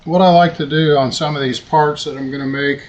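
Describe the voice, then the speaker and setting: A man giving a relaxed live-stream workshop demonstration while he works, thinking aloud as he goes. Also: on the high side, fairly quick, lo-fi sound. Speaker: model-making instructor. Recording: noisy workshop recording.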